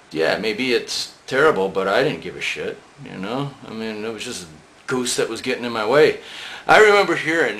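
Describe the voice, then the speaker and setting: A man's voice: mid-range voice, sharp tone, slight background noise. A man casually telling a rambling, profane anecdote, chuckling now and then. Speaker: storyteller recalling band days.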